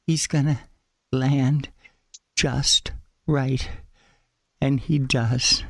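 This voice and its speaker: A man being interviewed as a guest, telling his story with animated, breathless enthusiasm and acting out the voices in it. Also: a little high, creaky, no echo, clean studio sound. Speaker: guest, clothing store owner.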